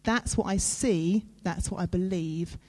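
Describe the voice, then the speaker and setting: A woman's lowish, warm, mellow voice carries this sermon. She talks with her listeners earnestly, as if in conversation, leaning on dramatic pauses for effect.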